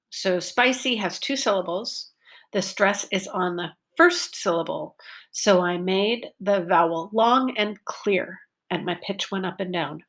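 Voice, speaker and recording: Slow, deliberate woman teaching pronunciation. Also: creaky, a bit bright. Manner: slow and deliberate, stretches words to show pitch. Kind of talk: slow, careful classroom lesson.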